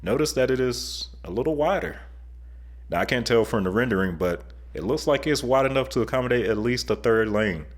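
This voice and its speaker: A man's voice: medium pitch, animated, fairly quick. A man hosting an online video, giving chatty, enthusiastic, joking commentary over video clips. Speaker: YouTube host.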